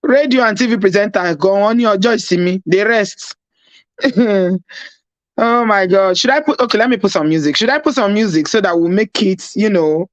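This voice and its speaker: A woman with a Nigerian accent hosts a casual live stream without her usual mic. She chats with viewers, laughs often and drops into Pidgin, and her voice sounds husky. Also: mid-range voice, expressive, normal speed, dry recording. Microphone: no proper mic, device mic.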